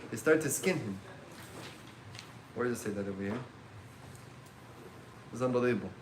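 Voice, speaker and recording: A man teaching a religious class as a rabbi, telling stories in an animated way and mixing in Hebrew terms. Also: medium pitch, normal speed, noisy background. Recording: echoey room.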